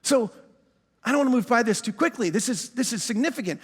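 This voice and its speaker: A man preaching a sermon, emphatic and full of repetitions, slowing right down to stress key phrases and sometimes calling out to the congregation. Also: very high voice, animated, breathy edge, in a large hall. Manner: emphatic, repeats words, slows down on key phrases. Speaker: pastor.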